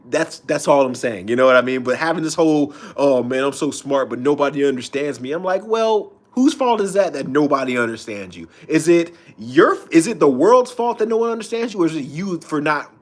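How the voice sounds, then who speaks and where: Guy going off on his stream, cussing a lot, fairly high voice that jumps all over. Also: expressive. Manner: profane, heated, rapid swings up and down in pitch. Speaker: live streamer reading comments. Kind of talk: unscripted ranting.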